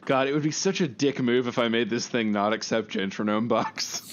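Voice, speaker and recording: A man's voice: medium pitch, a little fast, highs cut off, background noise. A man running a tabletop game as game master, joking and rambling between rules answers. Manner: joking, rambling, laughs often.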